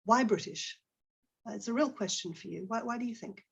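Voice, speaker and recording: A woman's voice: on the high side, brisk, vocal fry, breathy edge, lo-fi sound. A middle-aged woman giving an online talk to teachers, conversational and full of fillers and restarts, asking her audience questions.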